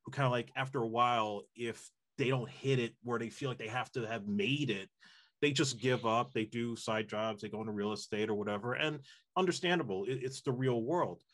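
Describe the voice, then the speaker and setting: A man's voice: medium pitch, fairly quick, fairly bright tone. A man hosting an interview, speaking in a casual, rambling way with lots of filler words. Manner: rambling, full of "you know" and "like" fillers. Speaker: interviewer, host.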